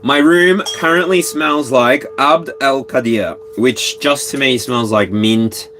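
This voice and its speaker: A man's voice: medium pitch, slow pace, over music. A man with an Australian accent hosting a casual tarot livestream from his caravan, rambling playfully and breaking into bits of song. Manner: rambling, playful, sings snatches of songs. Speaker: tarot reader, livestream host.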